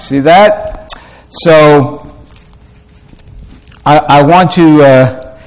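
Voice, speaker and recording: Guy preaching real slow, kinda higher voice, lots of uh's and restarts. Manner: slow, halting delivery with many fillers and restarts. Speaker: pastor. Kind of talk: sermon.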